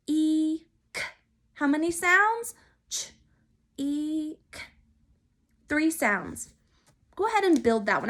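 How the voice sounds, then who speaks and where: A woman teaching a phonics lesson to young children, sounding out letters and syllables slowly and clearly. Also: sits high, pushed and bright. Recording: recorded for remote learning.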